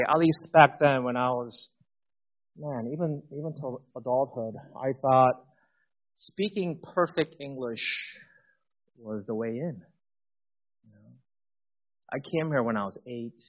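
A man in his forties giving a personal testimony in a sermon, swinging from loud emphatic bursts to quiet intimate asides. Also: medium pitch, dull audio.

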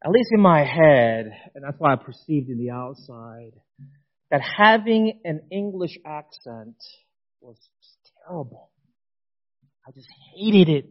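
Animated high-voiced male preacher. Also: a little slow, muffled recording. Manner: animated, swings from loud emphatic bursts to quiet intimate asides. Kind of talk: sermon testimony.

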